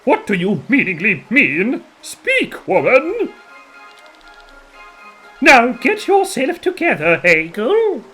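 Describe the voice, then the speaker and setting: A man's voice: extremely high pitch, huge pitch swings, takes it slowly, pauses often, bright, forceful tone, husky, soft background music, pitched above the performer's own voice, full character voice, low-quality recording. A man voicing a stiff, proud bird warrior who speaks in a formal, bombastic way. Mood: indignant.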